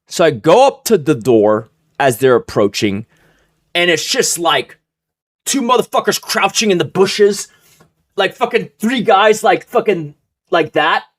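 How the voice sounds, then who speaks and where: Animated, foul-mouthed young male streamer. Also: sits high, a little slow, dry recording, studio quality. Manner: animated, profane, acts out quoted voices. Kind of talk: casual storytelling on a live stream.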